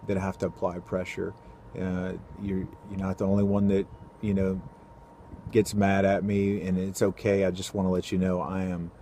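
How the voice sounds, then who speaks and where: A man telling a personal faith story to camera, earnest and halting, with many fillers and restarts. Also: low-pitched, warm tone, a little hiss or hum. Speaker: ultrasound technician sharing a faith story. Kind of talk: casual testimony to camera.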